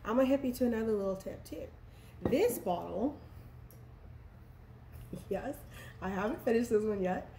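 A woman's voice: a little high, animated, moderate pace, pauses often, mellow, a little hiss or hum. A woman from Texas, chatting playfully and laughing at herself while she mixes a drink at home for her vlog. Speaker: vlogger. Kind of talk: casual cocktail how-to vlog. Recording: echoey room with faint ambience.

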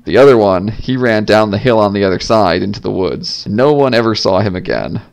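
A man voicing an excitable young male fox in a fan game dub, telling stories in a quick, eager way. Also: fairly low pitch, creaky, clean tone. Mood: storytelling.

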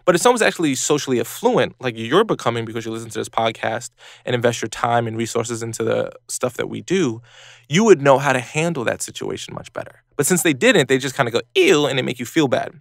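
Gravelly-voiced man giving casual advice. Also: quick pace, no echo, clean studio sound. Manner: animated, acts out quoted people in high voices. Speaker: podcast host.

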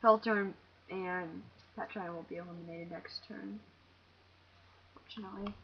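A young woman doing let's play commentary, jumpy and excitable, talking to herself, shaky and teary. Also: medium pitch, a little slow, slightly rough. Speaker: gamer. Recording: dull lo-fi home recording with faint hiss.

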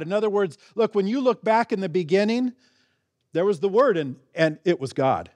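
A man's voice: lively intonation, brisk, a little mellow, no echo, studio quality. Emphatic man preaching a sermon. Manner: emphatic, repeating key words with sudden pitch jumps; conversational with restarts and asides. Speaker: pastor. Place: church sanctuary.

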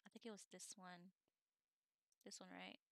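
A woman hosting a game let's play, talking through it in an excitable, gushing way. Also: fairly low pitch, moderate pace, vocal fry, no echo, studio quality. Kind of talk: casual gameplay commentary.

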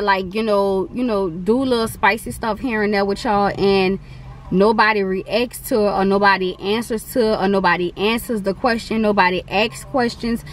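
A woman's voice: medium pitch, a little hiss or hum. Chatty young woman vlogger. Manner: chatty, rambling, slangy. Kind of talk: casual mukbang vlog chat.

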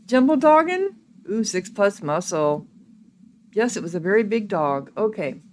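A woman playing a video game and reading its text aloud, thinking out loud casually with hums and ums. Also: lowish voice, measured pace, slight background noise. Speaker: gaming video creator.

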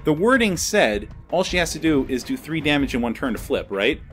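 A man's voice: on the high side, very animated, brisk. A young man commenting on his own card game as he plays, often swearing and ranting in frustration. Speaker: gameplay video creator. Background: faint background music.

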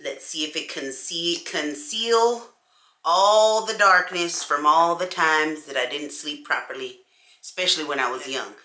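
A woman chatting casually to camera as a beauty vlogger, animated and talking straight to her viewers. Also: low-pitched, a little slow. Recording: echoey room.

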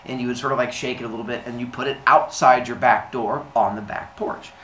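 A male teacher delivers a recorded lesson in a chatty, casual style, saying "like" a lot and acting out little scenes. His voice is medium-pitched and a bit bright, with fairly even intonation and a brisk pace. The room is echoey with faint noise.

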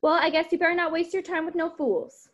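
A woman reading aloud the lines of a gentle, caring mother of a grown family. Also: very high voice, steady tone, brisk, highs cut off, voice pushed up.

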